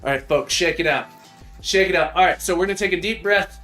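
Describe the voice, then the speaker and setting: A man's voice: high voice, expressive, a little fast, a bit bright. A man hosting a live coding stream, cheerfully coaching his viewers through stretches. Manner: upbeat, playful coach leading stretches. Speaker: livestream host. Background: faint music.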